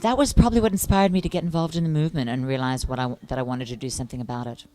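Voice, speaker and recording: A woman's voice: rumbling low, fairly even intonation, rapid-fire, mellow. A woman activist and interviewer, talking earnestly and at length in a casual on-camera chat. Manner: earnest and talkative, with fillers and restarts. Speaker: interviewer and animal welfare activist.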